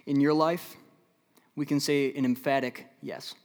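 A man preaching a sermon as a pastor, from the American Midwest, swinging between loud emphatic stretches and low, slow, quiet passages. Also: level tone. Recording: long hall reverb.

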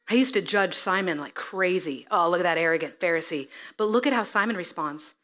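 A woman preaching a sermon, reading scripture and acting out the figures with lively expression. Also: on the low side, normal speed. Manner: expressive, acts out scripture figures, laughs at herself.

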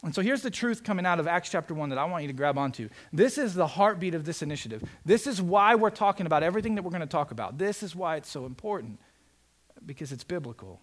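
A man preaching a sermon as pastor, in a conversational, animated way, acting out quotes and asides. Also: fairly high pitch, fast talker.

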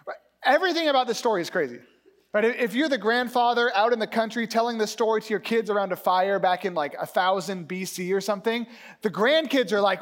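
A man preaching a sermon, telling a story with lively, acted-out character voices. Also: sits high. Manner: animated storytelling, acting out characters in quick voices. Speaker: pastor.

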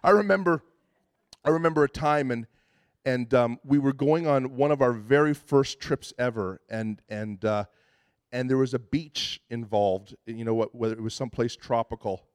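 A man's voice: medium pitch, moderate pace, clear, resonant tone, no room sound, studio quality. A man preaching a sermon in a conversational, self-deprecating way, often restarting his sentences. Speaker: pastor.

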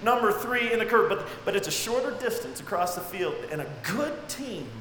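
A man preaching a sermon, swinging dramatically between near-shouts and hushed, low passages. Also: lively intonation, normal speed. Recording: echoey hall with faint noise.

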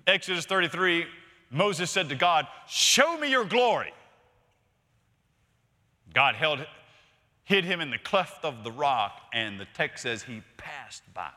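A man preaching a sermon as pastor, emphatic, swinging from loud to hushed and repeating words for stress. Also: on the high side, lively intonation, measured pace. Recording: long reverb of a large hall.

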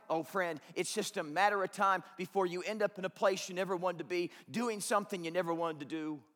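A man's voice: high voice, a bit bright, big-room sound. A man preaching a sermon as pastor, conversational and joking, acting out quotes to the congregation.

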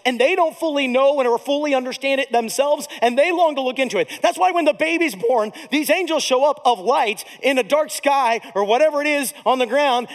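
A man preaching a sermon as pastor, passionate, moving between hushed reflection and excited exclaiming. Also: very high voice. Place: church stage.

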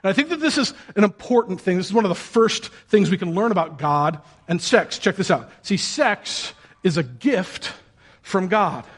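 A man preaching a sermon in a lively, joking way, with playful shouted and sung asides. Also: sits high, moderate pace, husky. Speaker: pastor.

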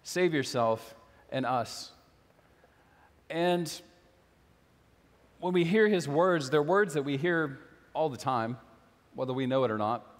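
A man's voice: fairly high pitch, unhurried, long pauses, in a large hall. A man preaching a sermon as a pastor, earnest and questioning, repeating phrases for emphasis.

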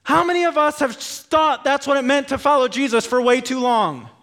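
A man in his thirties delivers a sermon in a church, his voice sitting notably high. He preaches with impassioned energy that climbs to fervent peaks. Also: moderate pace, a bit bright. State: out of breath. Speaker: pastor. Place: church sanctuary.

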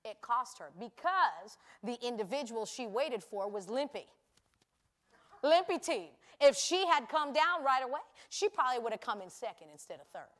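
High-voiced woman preaching in lively story style. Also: brisk, few pauses. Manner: animated, acts out voices in anecdotes; chatty, conversational with frequent "you know". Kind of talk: sermon with storytelling.

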